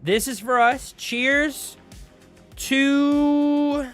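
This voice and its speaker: A man's voice: on the high side, big pitch swings, measured pace, a bit bright, soft background music. A young man hosting a casual livestream chat, laid-back and slangy, greeting viewers and laughing often. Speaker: streamer host.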